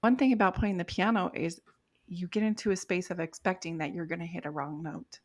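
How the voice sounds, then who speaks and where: A woman's voice: on the low side, fairly even intonation, fairly quick, darkish tone. A middle-aged woman, a life coach guest on a podcast, talking reflectively and laughing lightly as she explains. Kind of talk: casual podcast interview.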